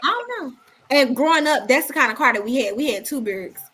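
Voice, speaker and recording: A woman with a Southern US accent co-hosting a live stream, loud and teasing, swearing freely in casual chat. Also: high voice, lively intonation, a little fast, background noise. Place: home room on a live stream.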